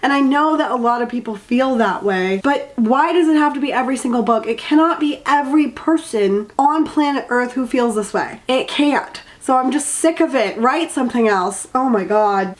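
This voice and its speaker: A woman's voice: fairly high pitch, normal speed, few pauses. Exasperated, sarcastic woman ranting about a book. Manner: swears freely and trails off. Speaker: book reviewer. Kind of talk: casual rant review.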